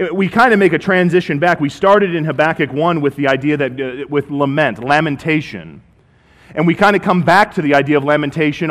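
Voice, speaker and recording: A slightly high-voiced man reads scripture and preaches with earnest conviction, often stopping to restart his sentences as he explains. His voice rings out with a long reverb, as if he were in a large hall. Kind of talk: scripture reading and sermon.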